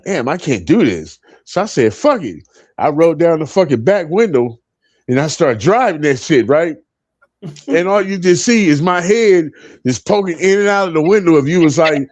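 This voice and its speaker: Man in his 50s, panel co-host: profane, animated storyteller, very lively pitch. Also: no room sound. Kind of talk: casual storytelling on a live panel.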